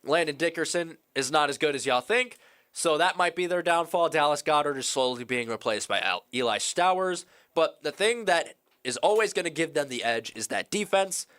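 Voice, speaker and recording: A man co-hosting a sports podcast in a college radio studio, animated and opinionated, his voice starting to give out. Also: a little high, clear, resonant tone. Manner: animated, opinionated, quick asides. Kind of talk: casual sports talk.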